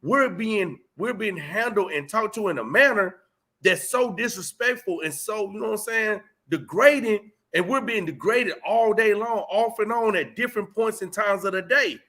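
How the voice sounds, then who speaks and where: A man's voice: high-pitched, moderate pace, sharp tone. A man in casual conversation, speaking emphatically in street slang and acting out heated exchanges as he tells a story. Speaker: host.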